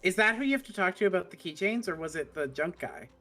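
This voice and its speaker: A woman with a bright, forward voice, chatting through a co-op game stream. She is laid-back and pokes fun at herself. Faint music sits in the background. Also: fairly low pitch, expressive, fast. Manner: self-deprecating, laid-back. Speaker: co-host streamer. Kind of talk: casual gaming chat.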